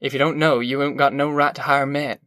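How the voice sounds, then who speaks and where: A man's voice: mid-range voice, level tone, brisk, fairly bright tone, no echo, studio quality, lightly acted. A man reading a story, voicing a defiant male migrant worker who speaks bluntly and challenges others. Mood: challenging.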